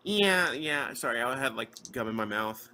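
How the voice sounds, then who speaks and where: A shy fourteen-year-old boy, as a man puts him on, halting and stumbling through each sentence. The voice sits at an ordinary middle pitch. Heavy noise hums behind him. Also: lively intonation, natural voice. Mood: awkward. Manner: hesitant, filler-heavy, says like constantly. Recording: loud background noise.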